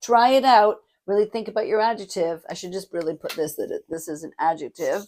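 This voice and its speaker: A middle-aged woman teaches public speaking straight to camera in a mid-range voice. Her delivery is demonstrative, moving between bright, energetic bursts and a softer, lower register. She sounds like a practiced coach walking a learner through the steps. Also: a little fast, slight background noise. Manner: demonstrative, shifts between energetic hype and soft warm tones.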